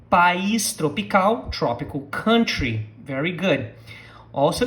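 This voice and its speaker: Speaking slowly and with care, a Portuguese-native teacher from southern Brazil runs a language lesson, pausing on words for the listener to repeat. The voice is mid-range and fairly bright in tone.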